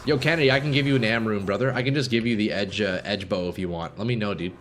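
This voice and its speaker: A man streaming live gameplay, commenting casually to his viewers and swinging from calm explanation to excited shouting. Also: lowish voice, quick pace, slight background noise. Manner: casual, profane, addresses chat as boys.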